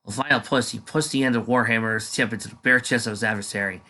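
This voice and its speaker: A man's voice: medium pitch, fairly even intonation, fast, bright, forceful tone. A man casually reading a fan story aloud, dropping offhand asides between passages. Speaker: fanfiction reader.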